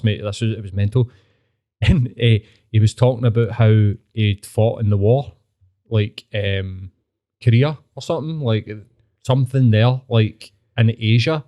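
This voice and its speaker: A man's voice: fairly low pitch, normal speed, warm tone. A man with a Glaswegian accent, hosting a podcast and telling anecdotes in loose, sweary casual chat. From Scotland. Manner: swears freely, tells anecdotes with put-on voices. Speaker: podcast host.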